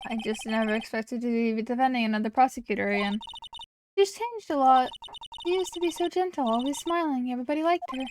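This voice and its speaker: A woman's voice: high voice, quick pace, noisy background, close to an everyday voice. A woman voicing an earnest young girl who loves science and talks eagerly. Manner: eager, pleading. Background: game music.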